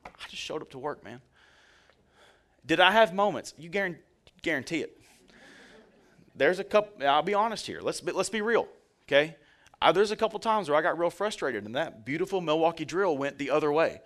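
A man's voice: a little high, animated, a little fast, pauses often, fairly bright tone. Man preaching a casual, joking sermon. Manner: conversational, joking, direct address to the congregation. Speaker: pastor.

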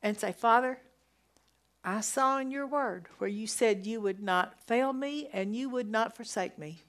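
A woman teaching from the Bible in a sermon style, reading verses slowly and emphatically. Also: on the high side, a bit bright. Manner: slow, emphatic scripture reading with rising exclamations.

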